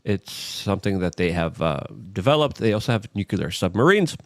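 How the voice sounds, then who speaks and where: Hosting casual political commentary, a man speaks in an animated way, full of mocking asides, and often leaps into high, exaggerated voices to imitate others. He talks a little fast, and there's no echo.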